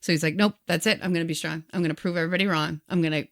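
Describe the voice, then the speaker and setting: A woman with a notably low voice tells a long story in casual podcast chat. She acts out the people in it by quoting them in their own words, and keeps the account moving. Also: steady tone, very fast, a bit bright, no room sound, studio quality. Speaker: podcast co-host.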